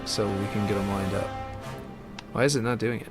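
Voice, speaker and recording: A man's voice: lowish voice, fairly even intonation, normal speed, over music. A man chatting casually and thinking aloud while he builds a game map, muttering when puzzled. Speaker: map builder streaming his work.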